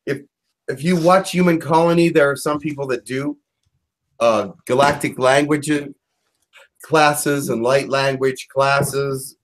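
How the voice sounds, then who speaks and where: Gentle, reassuring man channeler. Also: mid-range voice, fairly even intonation, measured pace, low-quality recording. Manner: gentle, reassuring, with small hesitations. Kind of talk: casual chat.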